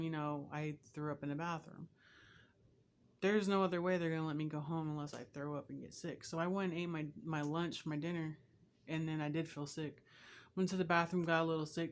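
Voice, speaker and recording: A woman's voice: lowish voice, a little hiss or hum. Chatty woman vlogger, rambling storyteller. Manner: chatty, rambling, talks straight to viewers. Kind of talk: casual storytelling vlog.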